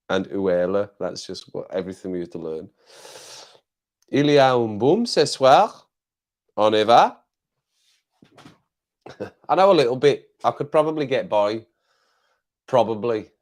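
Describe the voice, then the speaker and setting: A man hosting a casual live chat, playful and chuckling often as he tries out phrases. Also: fairly low pitch. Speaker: livestream host.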